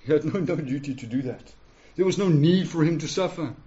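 Man preaching, earnest and pleading, mellow dark voice, muffled lo-fi recording. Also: fairly high pitch, fairly quick. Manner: earnest, pleading, often asks "yeah?" of listeners. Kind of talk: sermon. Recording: dull lo-fi recording.

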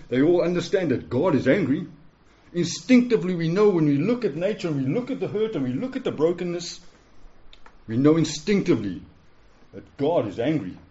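Man in his forties, preaching, mellow tone, emphatic, repeats himself, dull lo-fi recording. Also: fairly high pitch. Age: 40s. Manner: emphatic, repeats phrases, asks the room "yeah?". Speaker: pastor. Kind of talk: sermon. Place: church hall with a live congregation.

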